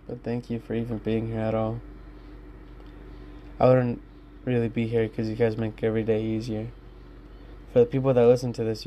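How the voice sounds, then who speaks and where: A young adult podcast host with a mellow, medium-pitched voice talks casually and candidly to his listeners from his own room, rambling and swearing often.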